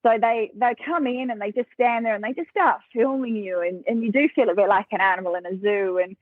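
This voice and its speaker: A woman's voice: mid-range voice, fairly quick, dry recording. Aussie woman yarning away, tinny phone-ish sound, dead dry. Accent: Australian. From South Australia. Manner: lively storyteller, acts out quoted voices, laughs often. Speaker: podcast guest. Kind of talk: casual interview storytelling.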